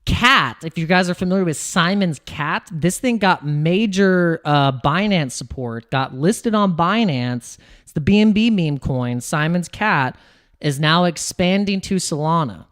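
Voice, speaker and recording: American guy livestreaming crypto stuff, rambly, keeps restarting, voice jumps up and down. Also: a little slow. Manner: rambling, restarts, laughs, animated swings in pitch. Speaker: crypto streamer. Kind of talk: casual livestream chat.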